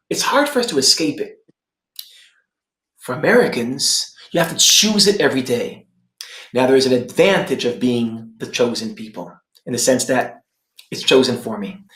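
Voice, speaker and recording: An Israeli man speaking on a conference panel, emphatic and lively, repeating his points for effect. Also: mid-range voice, roomy sound, poor audio. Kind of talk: animated panel discussion. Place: room in Jerusalem.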